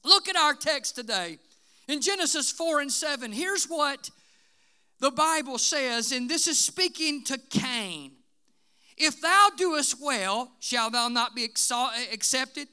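Male preacher, fiery sermon, high and very bright voice, lots of "uh" fillers. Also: lively intonation, slow pace. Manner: emphatic, frequent "uh" and "listen", shouting bursts.

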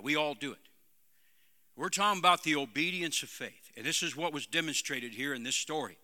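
A man's voice: fairly high pitch, bright, forceful tone. A man preaching a sermon as pastor, calling out "Amen?" to his congregation. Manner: preaching with call-and-response "Amen?". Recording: long hall reverb.

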